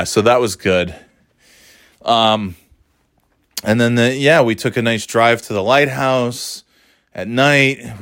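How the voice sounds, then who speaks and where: A man's voice: on the low side, fairly bright tone, dry recording. Middle-aged man, casual monologue, profane, sardonic, dry recording.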